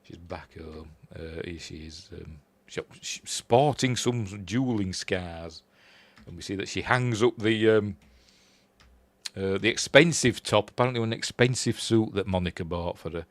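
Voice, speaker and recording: A man's voice: sits low, measured pace, no room sound. A man with a Yorkshire accent casually recapping a horror film, rambling and chuckling as he goes. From Yorkshire, England. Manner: rambling, chuckling, quotes characters in a raised voice. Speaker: film reviewer.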